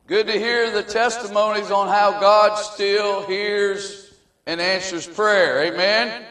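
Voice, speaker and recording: A man preaching a sermon and leading prayer, reading scripture slowly and with emphasis. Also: high voice, fairly even intonation, sharp tone. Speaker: pastor. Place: church sanctuary. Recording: echoey church from a distance.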